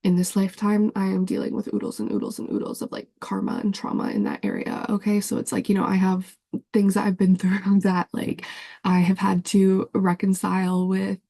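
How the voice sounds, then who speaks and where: A young woman speaks in a confessional vlog, her voice husky and warm with a rough fry underneath. She rambles freely, leaning on fillers and the occasional curse. The sound is close and dry, with no room around her. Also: medium pitch, flat delivery, fairly quick, dry recording. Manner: rambling, filler-heavy, frequent swearing. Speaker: vlogger.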